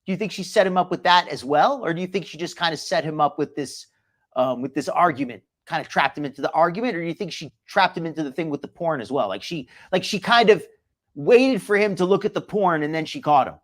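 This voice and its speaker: A man hosting live commentary on stream clips, his pitch swinging widely as he talks. He sounds incredulous and critical. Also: expressive, quick pace. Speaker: host.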